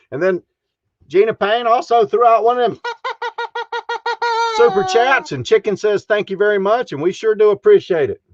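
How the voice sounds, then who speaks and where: A man's voice: high-pitched, very animated, a little slow, long pauses, dull audio. A man hosting a casual live stream from his RV, folksy and chuckling often as he greets viewers. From Texas.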